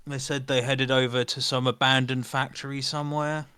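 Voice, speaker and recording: A man voicing an apathetic male merfolk scrapyard clerk who talks in a flat, dismissive way. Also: mid-range voice, normal speed, smooth, no echo, close to an everyday voice.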